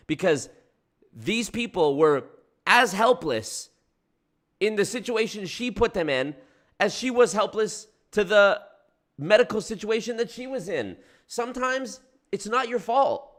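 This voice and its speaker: A man in his twenties commenting sarcastically on a clip, his voice somewhat higher than average. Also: expressive, unhurried, a bit bright. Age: 20s. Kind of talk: reacting to a clip.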